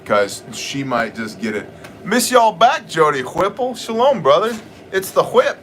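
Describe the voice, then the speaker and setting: A man's voice: a little high, sing-song, a little slow, a bit bright, slight background noise. A man hosting a livestream, chatting casually, joking with viewers, greeting them by name and shifting into Bible teaching. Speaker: livestream host. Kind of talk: casual livestream chat, reading viewer comments.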